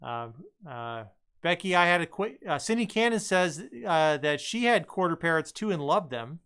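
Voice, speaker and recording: A man's voice: a little high, animated, normal speed, fairly bright tone, smooth. A man co-hosting a live stream, reading viewer comments aloud in an easygoing way with plenty of "uh"s. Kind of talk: casual live-stream chat.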